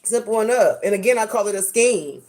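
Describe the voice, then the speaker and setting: A woman's voice: mid-range voice, animated, a little fast, a little mellow. A woman hosting a casual commentary vlog, sassy and dramatic, full of slang. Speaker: host.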